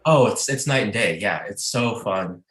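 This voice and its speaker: A man with a lowish voice tells road stories over a video call, and his voice bounces around an echoey room. He talks loosely and animatedly, full of "like" fillers and quick laughs. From Southern United States. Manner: animated storyteller who laughs often and uses many "like" fillers. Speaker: touring band musician, guest. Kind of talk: casual interview chat.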